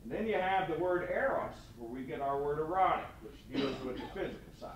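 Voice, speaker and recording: Man, folksy quick storytelling, devotion at a meeting, faint rumble behind. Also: animated. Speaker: state representative giving a devotion. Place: meeting room. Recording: echoey room from far off.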